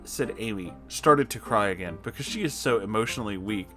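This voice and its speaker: A man reads a story aloud in a mid-pitched voice, bright and forceful. His delivery swings widely in pitch as he pauses for mocking side comments. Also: expressive, faint music behind. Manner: mocking asides, frequent laughter. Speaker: storyteller reading fan fiction. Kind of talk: comedic dramatic reading.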